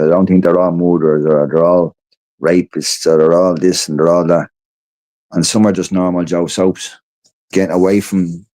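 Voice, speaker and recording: A man's voice: low-pitched, a little mellow. A tired Irish man chatting casually on a livestream, rambling and swearing freely. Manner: rambling and profane. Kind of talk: casual chat.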